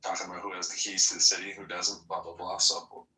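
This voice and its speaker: A man with a very bright, forward voice pitched a touch low hosts a loose group chat. He rambles, jokes and calls people up by name. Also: little pitch movement, fast talker, a little hiss or hum, poor audio. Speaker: host of a group audio chat room.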